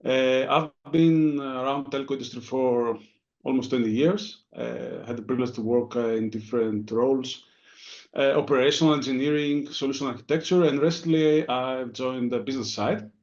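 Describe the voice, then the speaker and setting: A man speaks as a panelist in an online discussion. He is courteous and hesitant, pausing often on fillers. His audio sounds dull and muffled. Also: mid-range voice, steady tone, darkish tone.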